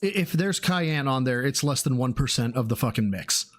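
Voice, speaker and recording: Sarcastic, profane streamer with a lively voice. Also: male voice, medium pitch, normal speed, faint music behind. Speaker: streamer reacting to a food review. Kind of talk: casual live-stream commentary.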